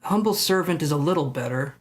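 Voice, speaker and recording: A man's voice: a little high, animated, fairly quick. Chatty man doing live tarot readings. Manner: rambling, self-mocking, thinks aloud. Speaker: tarot reader.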